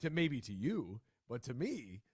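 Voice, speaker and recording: A man hosting a sports talk radio show, casual and jokey, telling stories with animated voices. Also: mid-range voice, a little slow, slightly rough, no echo, clean studio sound. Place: radio studio. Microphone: studio microphone.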